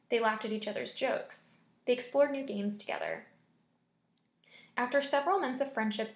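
A woman narrates a scary story in a steady, deliberate reading. Her voice sits slightly high, and the recording carries a noticeable room echo. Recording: echoey room.

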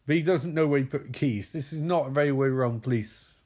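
A man's voice: mid-range voice, a little fast, a little mellow. A man recapping a film in a crude, sarcastic comedic manner. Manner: crude, sarcastic, laughing asides.

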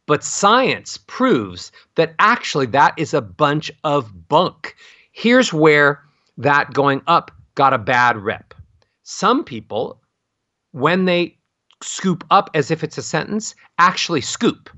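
Middle-aged vocal coach guy, lively bright voice, pitch goes all over, dry and a bit dull sounding. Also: slow pace, dry recording. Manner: animated, swoops pitch up and down to demonstrate melody. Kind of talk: expressive instructional talk with sung-like demonstrations.

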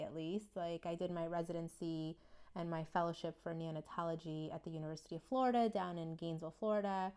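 A woman's voice: on the low side, clean tone. A woman in her thirties, a neonatologist and podcast co-host, fondly and chattily reminiscing in an interview. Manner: chatty, quick, fond reminiscing. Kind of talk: casual interview storytelling.

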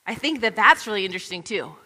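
A woman pastor preaches in a relaxed, conversational way, tossing in informal asides as she explains scripture. Her voice is bright and forward, and it carries a long reverb from a large church hall. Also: medium pitch, fast talker. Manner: chatty, informal asides with "like" and "you know". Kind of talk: conversational sermon.

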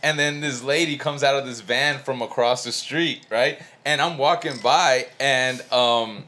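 A man's voice: mid-range voice, unhurried, pushed and bright. A man co-hosting a casual comedy podcast, playful and laughing as he tells stories. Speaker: podcast co-host.

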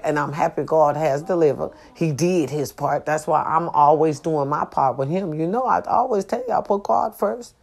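A woman's voice: low-pitched, normal speed, creaky, hardly any pauses, darkish tone. A middle-aged woman vlogging a casual, profane venting monologue, addressing her viewers emphatically.

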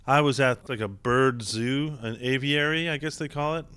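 A man, an actor guest, telling lively anecdotes in a casual interview and laughing often. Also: mid-range voice, normal speed, clear, resonant tone. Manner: animated, laughing raconteur.

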